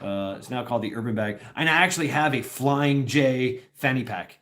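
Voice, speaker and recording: A man's voice: mid-range voice, moderate pace, fairly bright tone. A man talking in a casual, rambling livestream chat, restarting sentences often and chuckling as he goes. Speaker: host.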